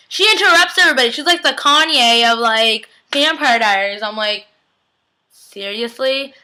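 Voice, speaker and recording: A woman's voice: fairly high pitch, pushed and bright, low-quality recording. A young woman giving a casual, chatty TV episode recap, gushing and peppering her talk with "like". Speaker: TV recap vlogger.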